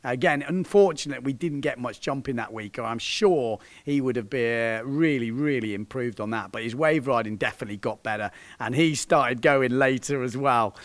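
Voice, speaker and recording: Talking over footage of his students, this windsurfing coach keeps up a jokey, laughing commentary, shouting encouragement along the way. He speaks at normal speed in a mid-range voice with hardly any pauses. No room sound is audible.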